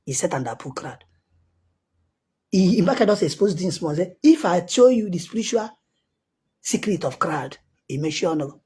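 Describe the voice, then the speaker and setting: Husky Nigerian man, heated monologue. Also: sits high, very animated, normal speed, long pauses, darkish tone. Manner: heated, insistent and repetitive. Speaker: self-styled prophet. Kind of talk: casual commentary monologue.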